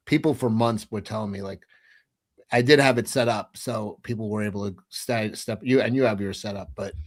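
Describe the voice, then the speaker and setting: A man's voice: on the low side, a little fast. A man guesting on a livestream, talking bluntly and casually with restarts and swearing.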